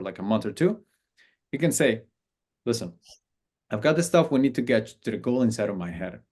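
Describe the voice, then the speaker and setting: A man's voice: mid-range voice, darkish tone. Casual-talking male business coach. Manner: conversational, acts out sample client messages. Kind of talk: casual instructional talk.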